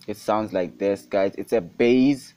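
A man's voice: lowish voice, unhurried, dark tone, dry recording. A young man from South Africa hosting a casual beat-making tutorial, repeatedly calling things super hot and saying guys. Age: young adult. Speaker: music production tutorial host. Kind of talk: casual screen-recorded tutorial. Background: beat playing underneath.

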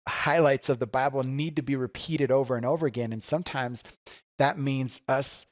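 A male pastor preaches in a conversational, earnest way, often checking in with his listeners and repeating his main points. His voice sits at an ordinary middle pitch. The sound is dry and close, with no room echo. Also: steady tone, moderate pace. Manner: conversational and earnest, with tag questions and repeated phrases. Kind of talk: sermon.

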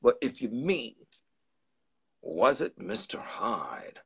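A man's voice: medium pitch, very animated, slow, creaky, a bit bright, husky, full character voice. A man reading aloud, voicing a frightened, loyal older male butler who pleads urgently and drops into whispers. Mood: earnest. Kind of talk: live storytelling reading.

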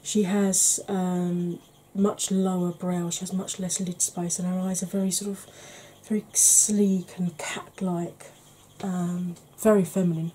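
A woman in her forties hosting a chatty makeup vlog, talking in a self-deprecating, animated way. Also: fairly low pitch, a little slow, a little hiss or hum. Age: 40s. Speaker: beauty vlogger.

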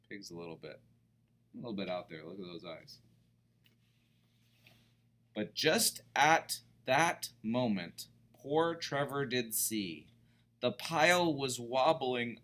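A man reading a picture book aloud to children, expressive and pausing to explain words. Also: mid-range voice.

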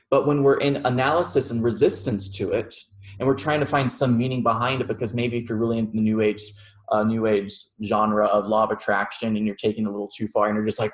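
A man preaching a relaxed, conversational sermon to a small class, telling a personal story and laughing often. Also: medium pitch. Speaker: reverend.

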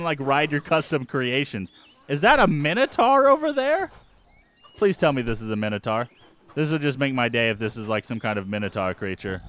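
A man hosting a let's-play, giving excitable, jumpy commentary and yelping at surprises. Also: a little high. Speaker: gaming channel host.

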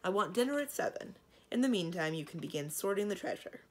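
A woman voicing a calm, commanding female dragon with dry humor, speaking in a measured, matter-of-fact way. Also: medium pitch.

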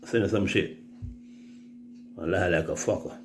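A man's voice: low voice, steady tone, moderate pace, a little hiss or hum. A Jamaican man telling rambling, profane stories in casual chat, often mimicking other people's voices. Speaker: reggae artist telling stories on a livestream.

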